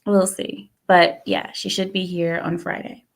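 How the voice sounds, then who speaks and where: A woman's voice: moderate pace, creaky. A woman hosting a casual livestream, chatting to her viewers and acting out what others said. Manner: chatty, talks to viewers, acts out quotes with lively pitch. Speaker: livestream host.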